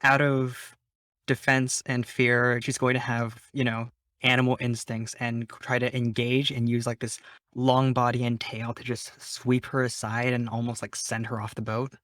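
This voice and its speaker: A man's voice: medium pitch, level tone, normal speed, fairly bright tone, no room sound. A man playing a tabletop game, describing his moves hesitantly and with many fillers. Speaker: player. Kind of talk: casual tabletop play.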